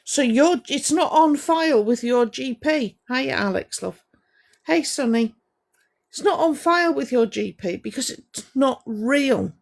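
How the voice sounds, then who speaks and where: Woman, livestream rant, slow deliberate delivery, gravelly fry, confrontational, scolding. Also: high voice, lively intonation. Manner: confrontational, scolding, greets viewers by name mid-rant. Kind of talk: ranting livestream monologue to chat.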